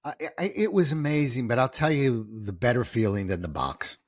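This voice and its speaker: Animated middle-aged man telling stories. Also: mid-range voice, a little fast, no echo, studio quality. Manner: animated, acts out quoted voices, gets emotional. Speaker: guest, author and speaker. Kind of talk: storytelling interview answers.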